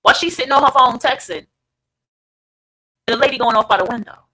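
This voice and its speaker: A woman's voice: on the high side, fairly quick, bright, forceful tone, husky, no echo, rough recording. A woman hosting an online podcast, talking casually and emphatically to her listeners and swearing freely. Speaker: podcast host. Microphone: streamed online podcast.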